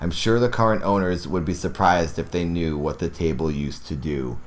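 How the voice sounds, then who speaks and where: A man narrating ghost stories aloud who keeps stopping to react excitedly and ramble to his listeners before going back to the text. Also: low-pitched, normal speed, hardly any pauses, slight background noise. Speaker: horror story narrator.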